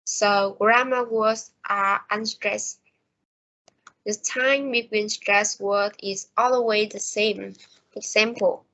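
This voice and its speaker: A young woman with a Vietnamese accent reading a class presentation slowly and carefully, with small slips and restarts. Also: medium pitch, steady tone, bright, forceful tone. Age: young adult. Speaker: student presenter. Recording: dull lo-fi home recording.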